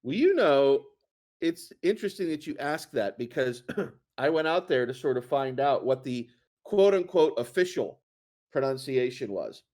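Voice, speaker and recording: A man's voice: mid-range voice, animated, normal speed, darkish tone. A man co-hosting a casual chat, talking in a rambling way with many fillers and restarts. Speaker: co-host.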